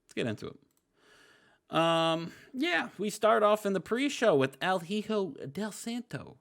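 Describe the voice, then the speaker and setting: Gravelly, lively man joking through a recap. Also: high-pitched, slow. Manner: joking, laid-back recapping. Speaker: podcast co-host. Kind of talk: casual chat.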